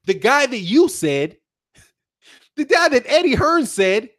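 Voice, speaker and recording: A man's voice: very high voice, a little slow, no echo, studio quality. A man hosting a boxing channel live stream, giving slangy commentary with frequent laughs and repetitions while reading chat messages. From United States. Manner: animated, slangy, laughs often, repeats himself.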